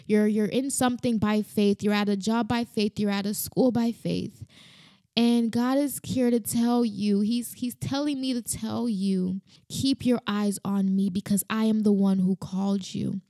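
A woman's voice: medium pitch, dark tone, no echo. A woman giving an earnest devotional sermon, sharing personal testimony with heavy repetition. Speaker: preacher.

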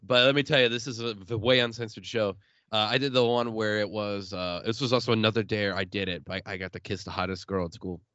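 A man's voice: fairly low pitch, fairly even intonation, fast talker, a bit bright, dry recording, dull audio. Profane laughing young man storyteller. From Illinois. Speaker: podcast host. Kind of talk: uncensored casual chat.

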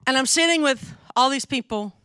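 Bright chatty Southern woman preacher. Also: sits high, fairly quick, smooth, dry recording, studio quality. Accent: Southern American. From American South. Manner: chatty, candid, asks the audience questions. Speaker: women's ministry speaker. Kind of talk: conversational sermon.

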